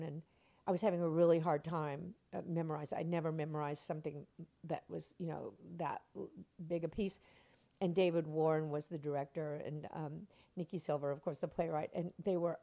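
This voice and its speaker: An older woman, a stage actress being interviewed, telling stories with lots of expression and frequent laughter. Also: low-pitched. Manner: expressive, laughing often, acts out quotes. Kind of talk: animated anecdotal storytelling.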